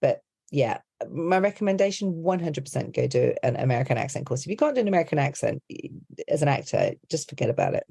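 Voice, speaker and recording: A woman's voice: extremely low pitch, sing-song, quick pace, gravelly, warm tone, husky. A middle-aged woman, an accent and dialect coach, explaining her methods in a rambling, chatty podcast interview. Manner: chatty, rambling, heavy on "you know, like".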